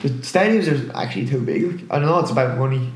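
A man's voice: medium pitch, expressive, quick pace, echoey room. A man co-hosting a casual football podcast, rambling and often asking "you know what I mean". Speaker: podcast co-host.

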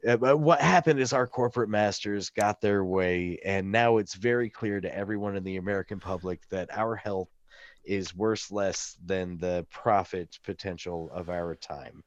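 A man with a low voice co-hosts a podcast, swearing freely and working himself into passionate rants. His sound is dull and lo-fi, recorded dry with no room echo. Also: moderate pace. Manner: profane, fired-up ranting. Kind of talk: casual podcast chat. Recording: dull lo-fi mic.

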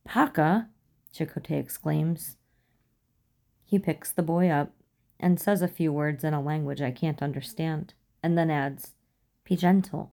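Slow, low-voiced woman reading a story. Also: dark tone. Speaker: fan fiction reader. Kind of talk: audiobook narration.

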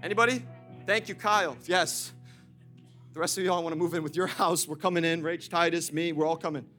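Soft music plays behind this young pastor's sermon to his congregation. His voice is a little high and his pace brisk, and he moves from loud exhortations to hushed stories, laughing frequently in a lively, direct way.

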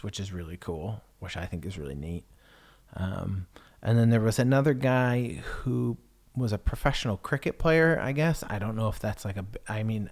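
A man with a lowish voice hosts a podcast alone in a loose, rambling monologue. He hesitates constantly, restarts his sentences and swears offhandedly as he goes. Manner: hesitant, full of fillers and restarts, swears freely. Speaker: podcast host.

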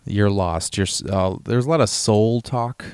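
A man co-hosting a podcast, talking about a film in a relaxed, rambling way with lots of fillers. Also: lowish voice, measured pace, clean tone, no room sound, studio quality. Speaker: podcast co-host. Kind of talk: casual film discussion.

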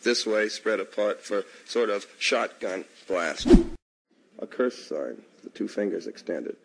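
Slow, gravelly man with a husky voice. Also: fairly low pitch, animated. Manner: slow and measured, repeating key phrases. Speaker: interviewee in an archive clip. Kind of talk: slow, deliberate explanation.

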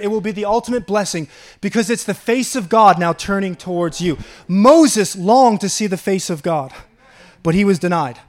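A man with a Long Island accent preaching a sermon, reading scripture aloud and chuckling between his points. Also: high-pitched. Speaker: pastor.

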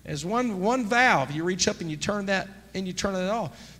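A man preaching a sermon as pastor, emphatic and rising to near-shouts. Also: high-pitched, expressive, normal speed, few pauses. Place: church sanctuary. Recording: church sanctuary with long reverb, faint noise.

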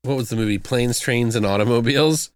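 A man's voice: medium pitch, a little fast. Profane man chatting about movies. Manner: profane, quotes movie lines in put-on voices. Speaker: podcast co-host. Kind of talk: casual movie review chat.

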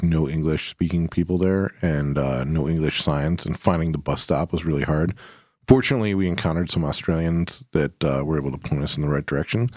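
A man with a low, deep voice talks in a loose, rambling way, swearing freely. He sounds relaxed and chatty. The recording is close and dry, with no room echo. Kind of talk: casual chat.

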